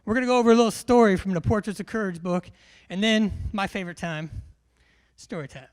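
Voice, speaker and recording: Guy teaching a big class, fairly high voice, cracks jokes and asks the room questions. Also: brisk. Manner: joking, quizzes the audience. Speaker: military instructor. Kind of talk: live classroom briefing to a large class. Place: large lecture hall.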